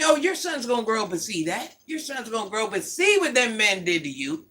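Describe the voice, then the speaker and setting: Middle-aged woman stream host, bright forceful voice, preachy blunt rant. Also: a little high, very animated, brisk. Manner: blunt, preachy, repeats her points. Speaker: livestream host. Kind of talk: ranting commentary to viewers.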